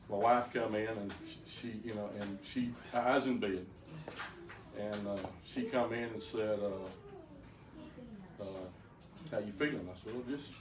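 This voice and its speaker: Brief: older man, folksy testimony, stammering restarts, echoey room with faint noise behind. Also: medium pitch. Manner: plainspoken storyteller with frequent stammered restarts. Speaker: speaker giving a personal testimony. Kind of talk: folksy personal testimony to a group. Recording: roomy, distant mic, faint background noise.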